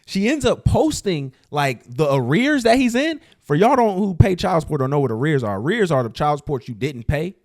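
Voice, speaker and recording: A man's voice: on the high side, sing-song, brisk, hardly any pauses. A man co-hosting a casual gossip podcast who tells stories in slang and laughs often. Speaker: podcast co-host.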